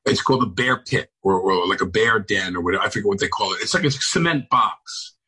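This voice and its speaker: A man on a video call from home, chatting as a talk show guest, halting and restarting often, with dry sardonic humor. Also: lowish voice, expressive, pushed and bright, slightly rough, rough recording. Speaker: celebrity guest. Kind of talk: casual interview chat. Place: home on Long Island.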